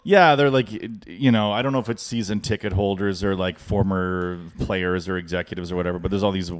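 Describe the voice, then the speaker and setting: Guy on a podcast, lowish voice, rambly self-deprecating stories. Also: fairly even intonation, brisk. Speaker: podcast co-host. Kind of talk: casual storytelling chat.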